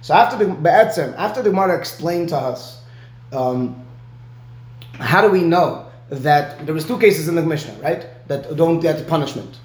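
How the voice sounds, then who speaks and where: A man with a somewhat high voice teaches Talmud one-on-one, walking through the reasoning step by step. He keeps checking in with his student by asking "right?". The recording has a roomy echo. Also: moderate pace.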